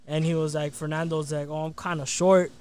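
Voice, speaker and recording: A young man chatting on a podcast who swears freely and jumps in with animated reenactments. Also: on the high side, brisk. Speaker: podcast co-host. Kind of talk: casual chat.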